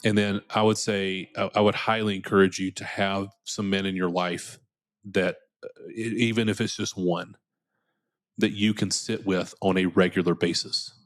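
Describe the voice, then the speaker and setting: A man's voice: low-pitched, little pitch movement, normal speed. A man in his thirties speaking earnestly as a podcast guest, often repeating his first words as he starts a sentence. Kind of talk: candid conversational interview.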